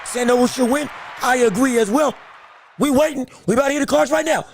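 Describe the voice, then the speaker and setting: High-voiced, excitable man hosting fight commentary. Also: fairly quick, slight background noise. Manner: excitable, repeats himself, bursts into shouts; greets viewers from the live chat. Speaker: podcast host reacting to a boxing decision on a livestream. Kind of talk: live fight commentary and chat.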